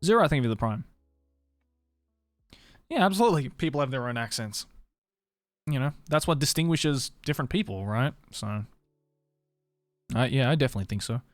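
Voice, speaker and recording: A man's voice: medium pitch, expressive, normal speed, long pauses, no echo, clean studio sound, soft background music. A young man with a mild Australian accent, chatting casually with his stream viewers, laughing often and swearing freely. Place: home stream room in Tokyo.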